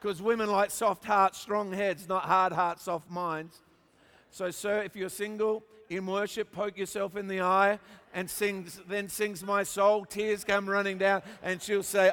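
An Australian pastor with a high-pitched voice preaches to a church crowd, mixing humor with emphatic, repeated build-ups. His words carry a long reverb from a large hall. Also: flat delivery, unhurried, a bit bright. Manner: storytelling with humor, emphatic repetition. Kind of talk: sermon.

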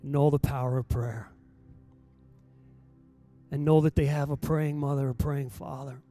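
A man, a pastor, preaching a sermon in a church and rising to loud exhortation as he reads scripture. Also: medium pitch, steady tone, unhurried, soft background music. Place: church sanctuary.

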